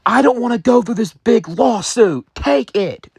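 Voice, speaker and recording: A man's voice: extremely high pitch, animated, unhurried, creaky, breathy edge, no room sound, clean studio sound, voice pushed up, heavily acted. A man voicing an anxious male business partner who urgently pleads.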